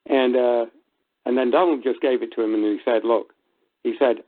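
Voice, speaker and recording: A man with a mid-range voice calls in to a talk show and retells a story in a lively way. He chuckles and acts out the quotes as he goes. His voice comes through a narrow, tinny phone line. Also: mid-range voice, normal speed. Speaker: caller. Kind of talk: casual storytelling on a call-in show.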